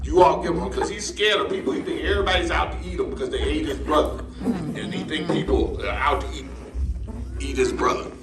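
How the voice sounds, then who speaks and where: A man's voice: fairly high pitch, a little fast, far from the mic, crowd noise. A man performing as a ventriloquist for children, coaxing his puppet in a playful way. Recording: echoey room with loud noise.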